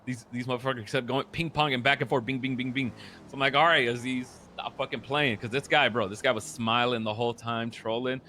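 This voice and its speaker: A man casually retelling a roleplay story, animated and profane, acting out the other people's lines in a low mutter. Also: brisk, slight background noise. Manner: animated, profane, acts out quotes in a lower mutter.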